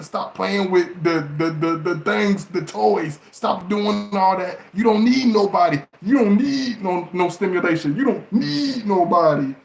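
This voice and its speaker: Brief: gravelly man, preachy and teasing vlog rant, somewhat high voice, roomy echo. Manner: animated, preachy, mocking, laughs often. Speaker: relationship advice vlogger. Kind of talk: casual monologue to camera.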